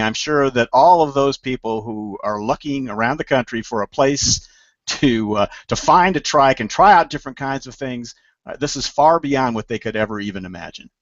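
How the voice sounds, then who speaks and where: A man's voice: medium pitch, fairly bright tone, no echo, dull audio. A man interviewing a bike shop owner in a chatty, easygoing way. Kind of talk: casual interview.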